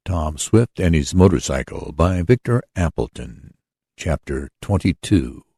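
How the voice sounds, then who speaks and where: Gravelly deep male audiobook narrator. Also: expressive, a little slow, warm tone, no room sound, clean studio sound.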